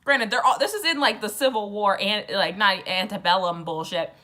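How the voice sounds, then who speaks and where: A woman's voice: mid-range voice, moderate pace, bright, forceful tone. A drunk young woman rambling through a casual, profane book summary with sarcastic asides. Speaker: book vlogger.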